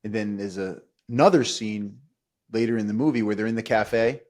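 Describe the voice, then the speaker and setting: In a relaxed podcast conversation, a middle-aged man with a lowish voice speaks at normal speed. He's a lively storyteller who voices the quotes himself and laughs a lot.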